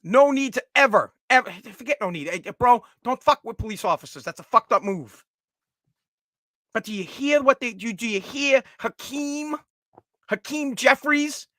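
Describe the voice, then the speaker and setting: Brief: a blunt male pundit, forceful and bright, swearing freely. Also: very high-pitched, expressive, normal speed, no room sound, studio quality. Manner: blunt, profane, heated. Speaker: commentator. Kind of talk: opinionated solo commentary.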